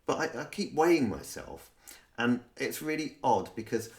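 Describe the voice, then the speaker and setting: A man's voice: mid-range voice, animated, moderate pace, a little mellow. A middle-aged man co-hosting a podcast in casual chat, with a dry, teasing manner. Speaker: podcast co-host. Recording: echoey room.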